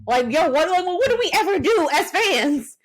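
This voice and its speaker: A young woman co-hosting a podcast in casual chat, animated and swearing freely as she acts out her reactions. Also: extremely high pitch, normal speed. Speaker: podcast co-host.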